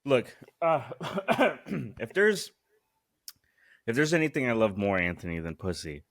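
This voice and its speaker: Chill young dude cohosting a podcast, average pitch, rambly, laughs a lot. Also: male voice, sing-song, unhurried, a bit bright. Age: young adult. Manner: laid-back, laughs often, rambling with restarts. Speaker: podcast co-host. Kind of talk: casual podcast banter.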